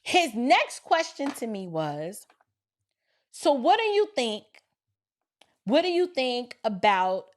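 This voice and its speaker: A woman from Georgia tells a personal story in a lively, casual way, quoting both sides of a conversation as she goes. Her voice sits a little high, and she talks straight to her listeners. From Georgia, near Atlanta. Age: adult with children. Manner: lively, quotes people in dialogue, addresses listeners as y'all. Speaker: storyteller recounting an encounter.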